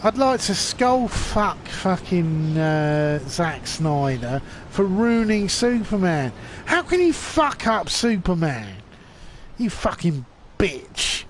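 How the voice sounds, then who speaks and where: Drunk forties streamer, rambling and cursing, high voice, slow delivery. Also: male voice, sing-song, a little hiss or hum. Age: 40s. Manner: rambling and swearing. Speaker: game streamer. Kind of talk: rambling drunk commentary while gaming.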